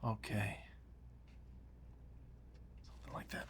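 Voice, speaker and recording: A man hosting a relaxed painting tutorial, talking through each brushstroke and often sinking to a near whisper as he works. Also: mid-range voice, a little slow, a little hiss or hum. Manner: soft-spoken, often dropping to a near whisper while working. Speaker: painting show host.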